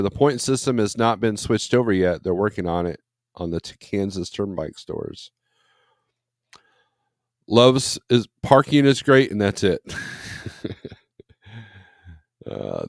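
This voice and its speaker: Male trucker host, low-pitched, rambling livestream chatter, dry voice. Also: a little mellow, dry recording. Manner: rambling and conversational, with frequent fillers and restarts; blunt and opinionated when griping. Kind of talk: casual morning livestream, reading viewer comments aloud.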